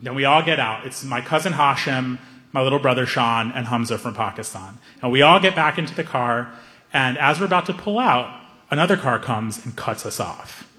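A man doing stand-up storytelling in an animated way, often jumping into high-pitched voices for the people in his story. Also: moderate pace, in a large hall. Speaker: stand-up comedian.

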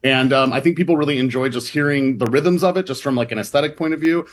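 A man in an interview, talking as a reporter at a medium pitch. He explains in loose, chatty runs full of fillers and restarts, and now and then mimics other voices playfully. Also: fast talker. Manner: rambling with many fillers and restarts. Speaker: reporter guest. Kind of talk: casual explanatory chat.

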